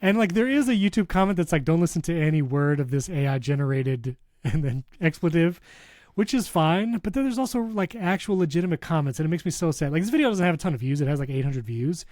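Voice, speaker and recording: A man co-hosting a casual tech podcast, excitable and ranting, laughing often. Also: sits high, fast, no echo. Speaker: podcast co-host.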